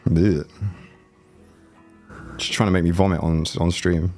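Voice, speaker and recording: Soft music plays behind a man whose low, fairly monotone voice moves fast and rattles from a chest cold. Streaming on YouTube from home, he rambles and jokes casually with his audience through a desk mic, without headphones.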